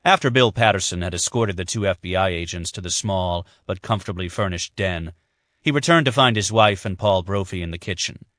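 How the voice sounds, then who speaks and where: A man reading a thriller audiobook in a measured, even narration. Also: low voice, no echo, studio quality. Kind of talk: scripted narration.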